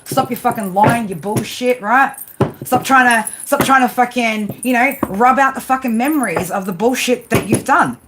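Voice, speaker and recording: A woman's voice: on the high side, normal speed. A woman doing a tarot reading who scolds her listeners bluntly, swears constantly and keeps tagging her sentences with "right?". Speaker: tarot reader. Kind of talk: profane tarot reading monologue. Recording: home recording with clear background noise.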